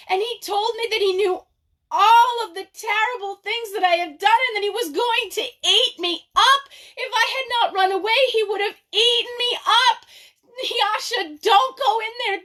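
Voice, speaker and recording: A woman voicing a panicked young woman who is crying and pleading in a storytelling. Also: exaggerated voice. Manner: frantic, pleading, high and loud.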